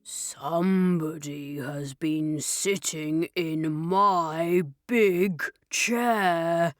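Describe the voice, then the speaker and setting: Woman putting on a gruff deep daddy bear. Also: dry recording, clean studio sound. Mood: growling. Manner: slow deep growling. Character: big gruff male father bear.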